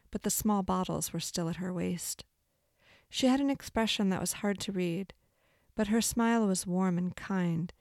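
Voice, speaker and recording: A woman narrating a novel in a measured, expressive storytelling voice. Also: on the low side, vocal fry, no echo, studio quality. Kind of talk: audiobook narration.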